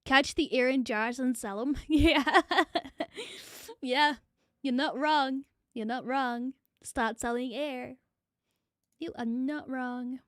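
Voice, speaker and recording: High-voiced New streamer woman. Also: fairly even intonation, slow pace, dry recording, clean studio sound. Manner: chatty, rambling, repeats phrases, swears casually. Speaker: VTuber streamer. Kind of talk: casual livestream chat reading viewer comments.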